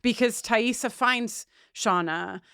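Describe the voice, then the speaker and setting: Earnest woman co-hosting a podcast, clear voice. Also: fairly high pitch, takes it slowly, sharp tone, no echo, clean studio sound. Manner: earnest, with many restarts and fillers. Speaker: podcast co-host. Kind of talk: emotional casual podcast discussion.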